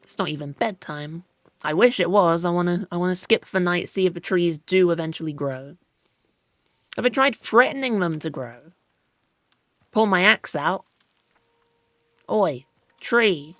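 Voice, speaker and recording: Lively intonation and a fairly bright tone mark this British woman's fairly low voice as she hosts a let's play for her gaming channel. She keeps a moderate pace, jokes at her own expense, and addresses objects in the game. No echo is heard.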